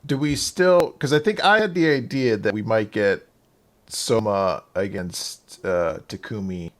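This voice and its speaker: A man with a fairly low voice chatting casually as a podcast co-host. He thinks out loud and circles back on his words, often repeating a word before he finishes a thought. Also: expressive, unhurried. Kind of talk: casual chat.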